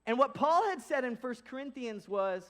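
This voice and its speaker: A young man preaching a casual, lively sermon as pastor, acting out quoted voices as he goes. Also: very high-pitched, normal speed.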